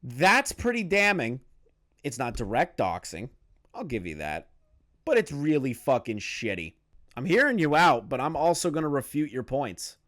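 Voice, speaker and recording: Young man ranting, incredulous, with very lively pitch. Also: normal speed. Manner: incredulous, profane, laughing in disbelief. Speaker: commentary channel host. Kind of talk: reaction commentary.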